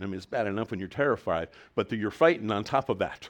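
A pastor preaches a sermon in a lowish voice, talking fast and with animation. His volume swells emphatically, and he frequently restarts his phrases.

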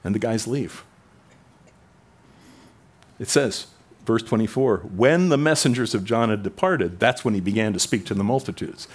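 A man with a fairly low voice preaching an expository sermon in a relaxed, conversational way. He asks rhetorical questions, jumps up in pitch for emphasis and sinks soft and low for quoted lines. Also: moderate pace, pauses often. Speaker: pastor.

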